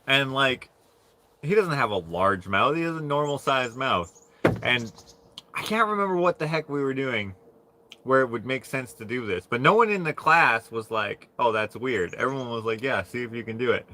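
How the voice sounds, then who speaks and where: A man's voice: mid-range voice, very animated, moderate pace, sharp tone, slight background noise. A man on a livestream telling a rambling story in a casual way and laughing through it. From Canada. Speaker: livestream host.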